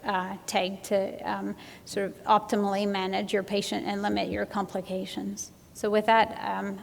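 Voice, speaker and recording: Flat, gravelly woman lecturing in a hall. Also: medium pitch, a little hiss or hum. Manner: earnest, urges her points with repeated emphasis. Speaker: physician presenting at a medical conference. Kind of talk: conference lecture. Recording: reverberant conference hall.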